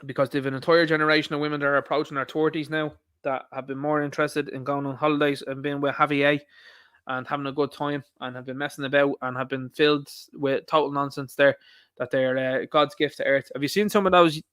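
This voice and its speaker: A man's voice: on the high side, flat delivery, brisk, a bit bright, clear, resonant tone, dry recording. An Irish man hosting an online commentary show, rambling and opinionated as he reacts to posts and talks straight to his viewers.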